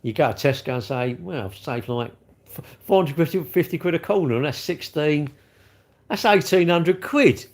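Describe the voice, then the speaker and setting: Casting note: middle-aged bloke, casual livestream host, rambling and chatty. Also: male voice, on the high side, a little fast, darkish tone. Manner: rambling, chatty, reads out viewer comments.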